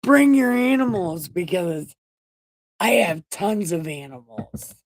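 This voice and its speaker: A woman's voice: on the low side, very animated, takes it slowly, dry recording. A woman hosting a casual livestream Bible reading from home, joking, swearing and playfully boastful. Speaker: host reading the Bible aloud.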